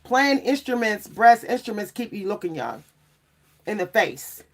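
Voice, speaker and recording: A woman's voice: medium pitch, sing-song, unhurried. A woman talking casually to her livestream viewers. She is chatty and addresses them with "y'all" again and again. She laughs often as she talks. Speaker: vlogger and French horn player.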